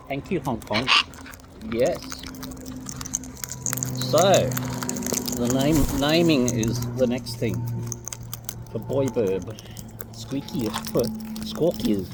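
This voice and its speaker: Low-voiced woman coaxing parrots playfully. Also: animated, extremely slow, long pauses, noisy background. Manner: playful, coaxing, sing-song baby talk to birds. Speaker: wildlife vlogger feeding wild birds. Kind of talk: casual talk to birds. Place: outdoors among feeding parrots.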